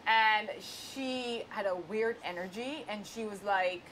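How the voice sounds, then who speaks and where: A woman's voice: mid-range voice, slow pace, fairly bright tone, slight background noise, low-quality recording. A woman in casual group chat, telling a story with animation and acting out what people said. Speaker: reality game contestant. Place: house, indoors.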